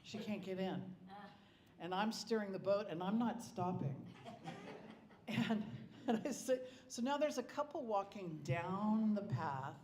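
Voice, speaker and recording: A man's voice: high-pitched, animated, measured pace, darkish tone, slight background noise. Middle-aged man, memorial storyteller, rambling with restarts, voice ringing in a roomy hall with faint ambience. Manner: rambling anecdotes with frequent restarts. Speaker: eulogy speaker. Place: club hall.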